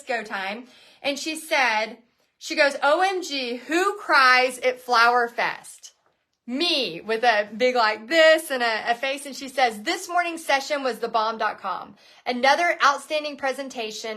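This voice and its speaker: A woman hosting a live online painting class, talking in an energetic, chatty way and often restarting her sentences. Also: high voice. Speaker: painting instructor and bootcamp host.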